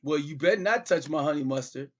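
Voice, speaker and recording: A man's voice: a little high, lively intonation, fast talker, highs cut off. A middle-aged man hosting a comedy show, talking as a father on a call in a pleading, repetitive, exasperated way.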